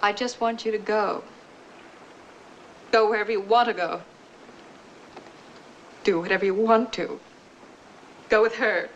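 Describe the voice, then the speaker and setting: A woman's voice: mid-range voice, steady tone, unhurried, long pauses, dull audio, slight background noise, close to an everyday voice. An actress playing a hurt, tearful wife who confronts and then pleads with her unfaithful husband, in the style of a 1960 Hollywood film. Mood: bitter.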